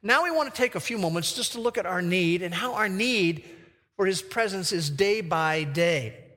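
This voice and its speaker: A man preaching a sermon who reads scripture slowly and with emphasis. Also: high voice, expressive, bright, forceful tone, big-room sound. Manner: slow, emphatic verse reading.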